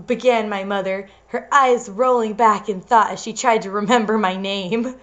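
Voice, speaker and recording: A woman's voice: medium pitch, fairly even intonation, normal speed, few pauses, muffled recording. A young woman doing a comedic reading of a story, breaking off into giggly asides. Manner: giggly, interrupts herself with asides. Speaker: reader and co-host. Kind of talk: comedic dramatic reading with commentary.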